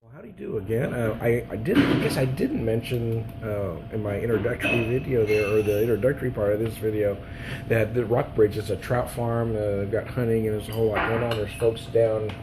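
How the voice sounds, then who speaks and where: Loud music plays behind a lowish, brisk male voice. He's a beer vlogger doing a casual review of beer and food outdoors at a trout farm restaurant, rambling folksily, laughing often, and losing his voice.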